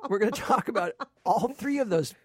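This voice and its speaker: A man co-hosting a relaxed film podcast, playful and given to easy laughter. His voice sits a little high for a man. The sound is close and dry. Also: fairly quick, husky, no room sound. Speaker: film critic, co-host. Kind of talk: casual chat.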